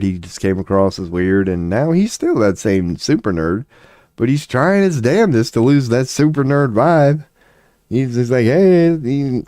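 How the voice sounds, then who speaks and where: An American commentary vlogger rants casually, profanely, and sarcastically, slipping short laughs between his points. His voice is on the low side and dark, recorded in studio quality with no echo.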